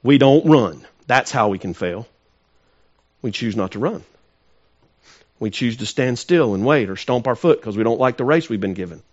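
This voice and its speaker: A male pastor preaching a sermon, swinging from loud emphatic peaks to quiet, intimate asides and asking his congregation questions. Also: mid-range voice, animated, moderate pace, pauses often, dull audio.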